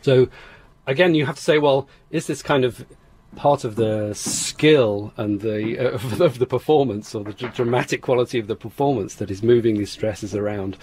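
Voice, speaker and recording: A man's voice: mid-range voice, moderate pace, darkish tone, slight background noise. A man, a phonetics expert, explaining in an interview, hesitant with restarts and easy laughs.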